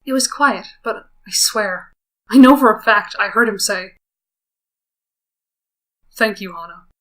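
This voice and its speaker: A woman's voice: on the high side, moderate pace, fairly bright tone. A woman reading a visual novel aloud and breaking off for wry, self-conscious comments. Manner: wry, self-conscious asides between read lines. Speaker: let's player.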